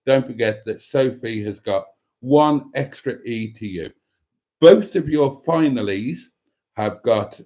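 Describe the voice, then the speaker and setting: Man, livestream host, reads chat, wry camp asides, lively animated pitch. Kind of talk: casual live chat.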